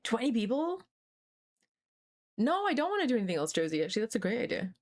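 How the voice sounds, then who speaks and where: A woman's voice: on the high side, very animated, fast talker. Chatty young woman streamer. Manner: chatty and scattered, swears freely, laughs often. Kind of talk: casual live-stream chat.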